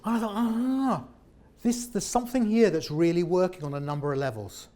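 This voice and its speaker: A man, a former comedian, leading a lively interactive workshop on presenting and asking the audience questions. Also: high-pitched, moderate pace. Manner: animated, jokey, questions the audience. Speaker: presentation trainer. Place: meeting room with an audience.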